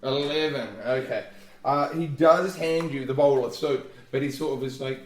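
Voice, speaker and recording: A man running a tabletop game as game master, narrating scenes with a few halting restarts. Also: on the high side, steady tone. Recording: roomy, distant mic.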